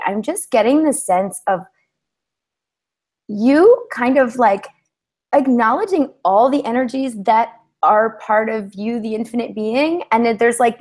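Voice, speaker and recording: A woman hosting a coaching-style conversation, speaking in a meandering, reflective, gently affirming way. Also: a little high. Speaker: host.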